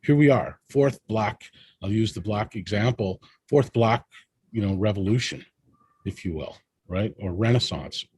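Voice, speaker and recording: A man's voice: fairly low pitch, unhurried, darkish tone, slightly rough, no echo. A man speaking as a panel guest in an impassioned discussion, emphatic and rallying, often tagging his points with "right?".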